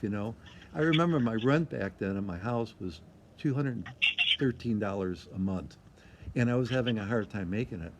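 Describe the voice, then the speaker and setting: An older man from Michigan, a guest in an interview, speaks in a lowish voice at a normal pace against heavy background noise. He tells casual stories in a rambling way, repeating himself and acting out what people said.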